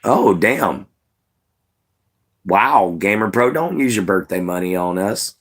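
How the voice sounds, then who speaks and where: Slow and breathy, with a lowish voice and lively intonation, a man hosts a casual livestream. He talks to viewers directly in an easygoing manner, often saying "you know."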